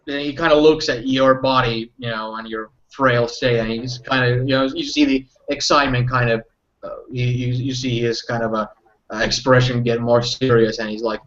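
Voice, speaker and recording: A man's voice: medium pitch, fairly even intonation, normal speed, a bit bright. A man narrating a tabletop game as game master, rambling and full of fillers. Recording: muffled lo-fi audio.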